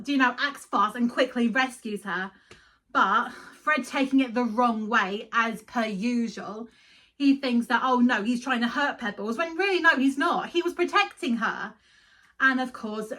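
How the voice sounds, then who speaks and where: Chatty, giggly woman host, high bright voice, emotional cartoon commentary. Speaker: video host. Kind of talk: casual cartoon review commentary.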